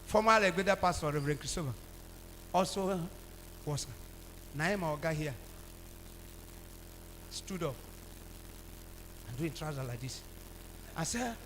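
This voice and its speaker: A Nigerian pastor with a high-pitched voice preaches in call-and-response fashion, dropping to low talk and then bursting into shouts. His voice carries a long reverb from a large church hall, with a faint hum underneath. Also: animated, measured pace, pauses often. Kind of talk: sermon.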